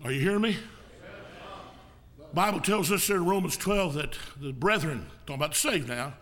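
High bright guy preaching a folksy sermon, gets loud and shouty sometimes, coughs a bit. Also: animated, moderate pace. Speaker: evangelist preacher.

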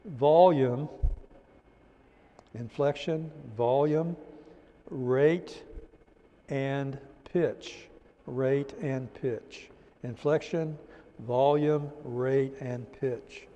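A man teaching a church teacher-training class, repeating key terms slowly for notes and adding folksy "amen" asides. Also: medium pitch, mellow, big-room sound. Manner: folksy, drops in "amen" and "praise the Lord".

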